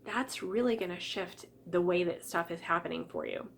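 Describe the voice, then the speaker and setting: A woman coaching stress relief in a lively teaching manner, acting out little quoted reactions as she explains. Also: fairly low pitch, normal speed. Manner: lively, acts out quotes with exclamations. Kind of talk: teaching an online class.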